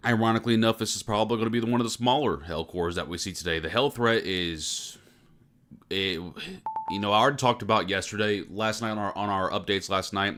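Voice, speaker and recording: A man forecasting the weather in live storm coverage, tired from very little sleep and talking in a fairly monotone way. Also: lowish voice, fairly quick. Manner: self-described monotone delivery.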